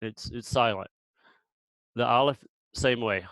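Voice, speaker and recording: A man teaching Biblical Hebrew pronunciation, patient and relaxed, repeating sounds slowly with pauses and restarts. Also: medium pitch, dry recording, low-quality recording.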